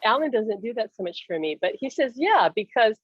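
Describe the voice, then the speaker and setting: A woman with a fairly high voice chats warmly over a video call, telling stories with lively energy and frequent laughter. The sound is dry and a little muffled, like a basic laptop mic. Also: fast, dry recording. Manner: animated storytelling, laughs often. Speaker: host, spiritual medium. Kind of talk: casual video-call chat.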